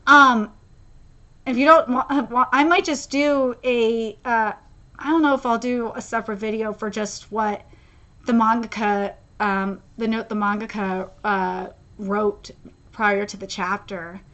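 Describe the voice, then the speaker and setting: Bright sharp-voiced woman gushing through a live manga reaction, lots of ums and restarts. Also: a little high, fairly even intonation, a little slow, dull audio. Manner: emotional, rambling with many fillers and restarts.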